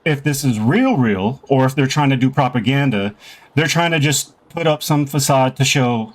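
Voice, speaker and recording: A man's voice: medium pitch, moderate pace. A man co-hosting a podcast in casual chat, blunt and incredulous, with heavy profanity. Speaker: podcast co-host.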